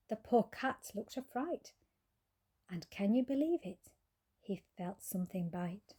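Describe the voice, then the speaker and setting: Mellow woman reading a bedtime story. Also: a little high, unhurried, husky. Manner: gentle, rhythmic rhyming delivery.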